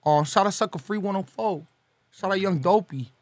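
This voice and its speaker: Slangy, animated man from LA. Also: sits high, moderate pace, no echo. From Los Angeles. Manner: slangy, swearing, animated shout-outs. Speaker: guest. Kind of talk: casual podcast chat.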